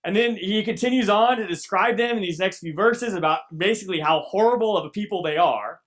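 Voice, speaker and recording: A man's voice: high voice, fairly quick, fairly bright tone, low-quality recording. A man teaching a casual Bible lesson at church, talking conversationally and checking in with his listeners as he goes. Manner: conversational, often checks in with "right?" and "okay?"; restarts and repeats words often.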